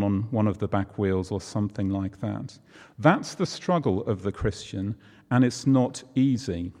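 A man's voice: mid-range voice, darkish tone. A man preaching a conversational sermon, using props and everyday examples. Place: church hall. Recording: long hall reverb.

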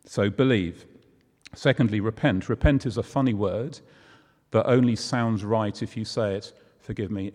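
A man's voice: fairly low pitch, a little mellow. A man preaching a conversational sermon, using props and everyday examples. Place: church hall. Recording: long hall reverb.

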